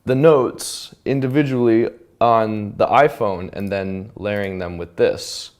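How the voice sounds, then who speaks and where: A man's voice: fairly low pitch, slow pace. A man, a songwriter and producer, casually talking through how he built a track, humming and scatting notes as he goes. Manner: relaxed, chatty, filler-heavy, hums and scats notes. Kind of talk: casual studio breakdown. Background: music tracks playing.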